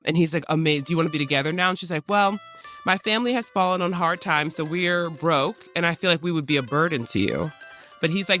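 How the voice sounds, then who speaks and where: A man's voice: on the high side, fast talker, sharp tone, faint music behind. A man hosting a podcast, retelling a historical story in casual modern slang and briefly acting out the people in it. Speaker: podcast host.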